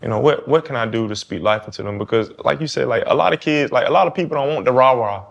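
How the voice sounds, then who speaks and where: A man's voice: mid-range voice, quick pace, vocal fry, muffled recording. A man in his thirties with a New Orleans accent, a football player talking casually as a podcast guest and acting out quoted talk. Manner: animated, acts out quoted talk. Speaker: guest quarterback.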